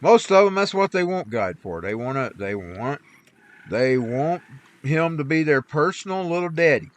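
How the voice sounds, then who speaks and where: A man's voice: a little high, lively intonation, moderate pace. A man chatting while he plays, rambling in a folksy way about faith and scripture. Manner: rambling, folksy, preachy asides. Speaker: streamer. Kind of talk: casual chat while gaming.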